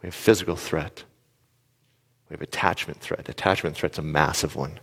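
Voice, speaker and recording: A man giving a live talk to an audience, telling stories in an animated way and asking the crowd questions. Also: a bass voice, normal speed, vocal fry, slightly rough, in a large hall. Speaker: speaker addressing an audience.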